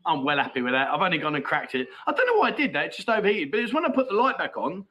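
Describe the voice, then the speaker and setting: A man's voice: a little high, huge pitch swings, rapid-fire, sharp tone, dull audio. A middle-aged man, hosting a casual livestream and bantering cheekily with viewers as he reads out their comments. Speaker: livestream host.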